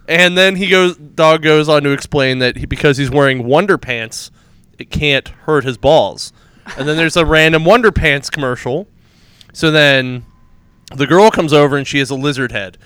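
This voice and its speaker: A man's voice: fairly high pitch, a little slow, fairly bright tone, clean tone, no echo. A man co-hosting a casual comic book chat, rambling through plot retellings and laughing at his own jokes. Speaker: podcast co-host reviewing comics.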